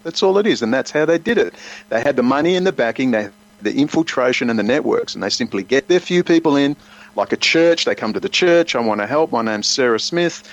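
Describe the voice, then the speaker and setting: A man's voice: mid-range voice, expressive, fast. A man speaking as a guest in an emphatic, rambling conversational style, often slipping into quoted voices. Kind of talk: animated conversational commentary. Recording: muffled lo-fi audio.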